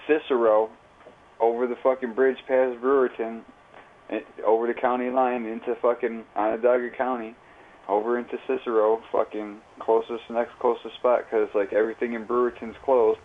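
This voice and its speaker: A man's voice: mid-range voice, little pitch movement, normal speed. A man telling a rambling, profane story in casual, slang-heavy chat while livestreaming. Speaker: live streamer. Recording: tinny phone-like audio.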